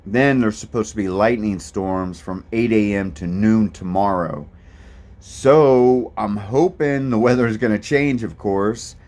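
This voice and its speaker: A man with a fairly low, slightly mellow voice speaks unhurriedly as he vlogs about his hike. The thru-hiker keeps things easygoing and rambling in this casual monologue, saying um often.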